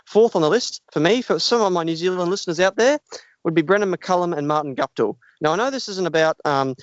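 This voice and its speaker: A man's voice: medium pitch, very fast, no room sound, lightly acted. A man hamming up a fake New Zealand accent in upbeat, casual podcast chat, heaping on praise. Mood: jokey. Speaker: podcast co-host. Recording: dull lo-fi dry podcast audio.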